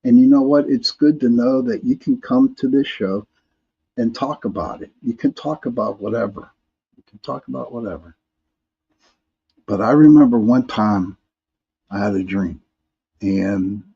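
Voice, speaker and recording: Guy rambling through a live paranormal chat stream, low husky voice, muffled lo-fi sound. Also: fairly even intonation, moderate pace. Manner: rambling, with frequent restarts and repeated words. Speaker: host of a live paranormal talk show. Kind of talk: casual live-stream chat, reading viewer comments.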